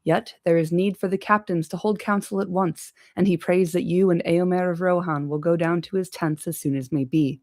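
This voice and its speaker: Courteous noble elf, read by a woman, low with a slight fry, dry close mic. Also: fairly even intonation, normal speed, hardly any pauses, darkish tone, no echo, lightly acted. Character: graceful noble male elf. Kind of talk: amateur audiobook reading.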